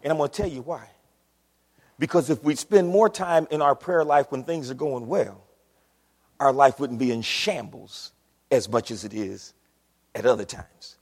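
Pastor man preaching, raspy voice, big echo like a church hall. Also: medium pitch, normal speed, pauses often. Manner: animated, call-and-response preaching. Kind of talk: sermon. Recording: long hall reverb.

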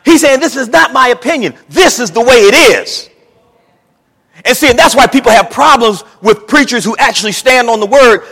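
A man preaching a sermon in a lively, folksy way, acting out the words he quotes. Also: very high-pitched, moderate pace, slightly rough, long reverb tail. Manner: animated preaching, Southern folksy speech, acts out quotes. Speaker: pastor.

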